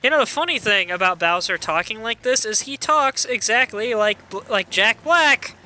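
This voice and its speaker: A man's voice: high-pitched, lively intonation, normal speed, pushed and bright. Wry, chatty man streaming a game. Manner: chatty, wry, reads chat aloud. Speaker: gaming streamer. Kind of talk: casual live playthrough commentary.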